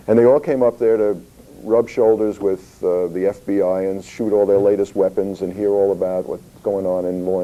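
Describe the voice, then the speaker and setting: A man's voice: low voice, dark tone, poor audio. A man giving an anecdotal public talk about his comics company, telling stories with many fillers and restarts. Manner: storytelling, acts out voices in quotes, many fillers. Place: historical society talk.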